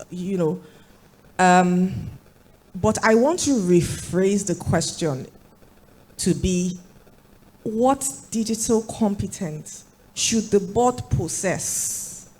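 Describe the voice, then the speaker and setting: A woman with a hoarse voice from a recent flu, answering as a panelist in a panel discussion with measured points. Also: lowish voice, mellow. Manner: measured, rephrases and builds points. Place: conference hall.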